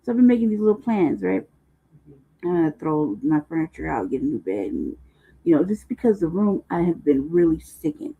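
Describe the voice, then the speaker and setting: Gravelly, phone-muffled livestream talker. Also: mid-range voice, sing-song, a little fast. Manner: profane, loose, laughing slang talk. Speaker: livestream host. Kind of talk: casual rambling stream talk.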